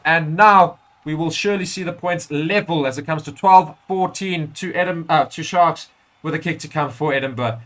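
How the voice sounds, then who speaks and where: A man's voice: sits high, fairly quick, a bit bright. A man giving live play-by-play commentary on a rugby match for a watchalong stream, correcting himself as he goes and rising sharply at big moments.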